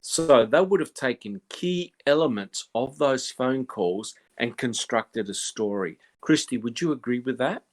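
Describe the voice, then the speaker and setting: Male podcast host, moderates the panel, polite turn-taking, average pitch. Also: lively intonation, unhurried, few pauses. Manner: calls on each panelist in turn, agrees often. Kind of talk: moderating a casual panel discussion.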